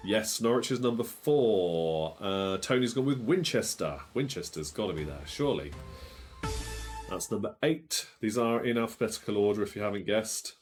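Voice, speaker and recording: A man's voice: lowish voice, moderate pace, soft background music. A man hosting a live-streamed quiz, chatting as he reads out viewers' guesses and checks them aloud. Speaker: quiz show host.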